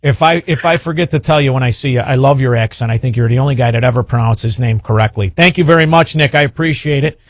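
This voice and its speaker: A man's voice: mid-range voice, fast talker, few pauses, no echo, clean studio sound. A man hosting a call-in talk show, blunt and heated as he rants. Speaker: radio talk show host.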